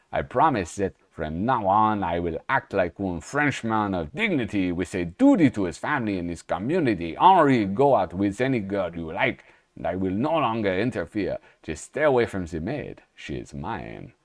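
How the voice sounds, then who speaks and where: A pompous middle-aged French father, speaking in a thick, hammy accent, as a man puts him on. His lowish voice swoops all over the place. The recording is dry and close. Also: dry recording.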